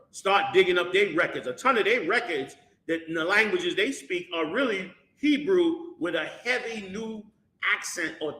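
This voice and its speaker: A man teaching a Bible class in a preaching style. He is animated, uses colloquial slang and keeps firing rhetorical questions at the class. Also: high voice. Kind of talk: preaching-style scripture lesson. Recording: echoey room.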